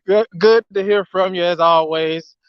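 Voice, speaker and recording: An excitable man calling in to a show. His voice is high and smooth, and he laughs easily and keeps calling the host bro. The sound is dull and dry, as over a muffled line. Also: measured pace, no room sound. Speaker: caller. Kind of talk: casual chat with the host.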